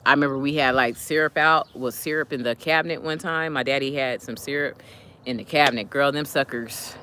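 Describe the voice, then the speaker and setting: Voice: medium pitch, brisk, sharp tone, a little hiss or hum. A regular on a live audio chat, telling stories in a loose, rambling way with lots of fillers and restarts. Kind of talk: casual storytelling chat. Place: lives in San Diego.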